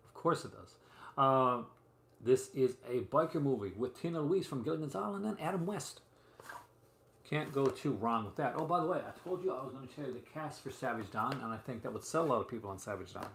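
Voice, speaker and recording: A man's voice: mid-range voice, animated, brisk, creaky, fairly bright tone. A man hosting a casual live stream, chatty and rambling as he shows off movie releases at home. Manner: chatty and rambling, many fillers and asides. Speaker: host showing physical media releases. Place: room at home. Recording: roomy echo, faint room noise.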